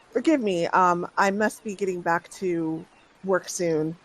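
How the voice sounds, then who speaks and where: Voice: mid-range voice, slow, fairly bright tone. A game master voicing a polite, curious male town doctor in a tabletop game, courteous and a little hesitant, stumbling and repeating words. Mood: eager. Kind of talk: in-character dialogue in a tabletop game.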